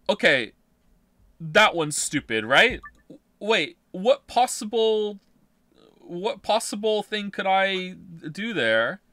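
A man's voice: sits high, pushed and bright, dry recording. Exasperated swearing male game streamer. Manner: exasperated, swearing, muttering to himself. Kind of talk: live gameplay commentary.

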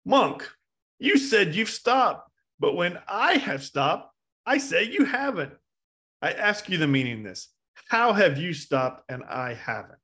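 A man voicing a fierce male bandit who yells high and strained at a monk, and then speaks slowly once he is humbled. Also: sing-song. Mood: demanding.

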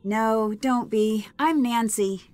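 A woman's voice: fairly high pitch, slow pace. An actress playing a young, skeptical woman detective in a game. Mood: calm. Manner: calm, inquisitive.

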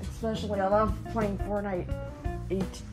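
A woman voicing a male animatronic gamer who gets worked up over losing, later reduced to a hoarse whisper. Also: mid-range voice, a little slow, music in the background, lightly acted. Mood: excited gaming. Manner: excitable, then whispering hoarsely after losing voice.

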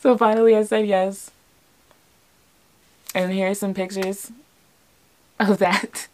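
A young woman vlogger telling a personal story in a casual, animated, chatty way, laughing often. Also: medium pitch, slow, slight background noise.

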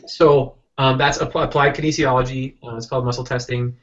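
A man tells a story in an interview, animated and rambling, often restarting and acting out quotes. His voice sits at a middling pitch. The sound is dull and lo-fi, like a video call. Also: brisk, slight background noise. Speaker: interview guest, software entrepreneur.

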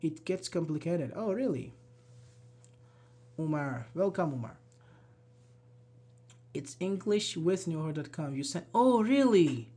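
An online English teacher giving a live grammar lesson, slowly repeating example sentences and answering chat. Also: medium pitch, animated, warm tone, slightly rough. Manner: slow, repeats examples, apologizes and laughs at own slips.

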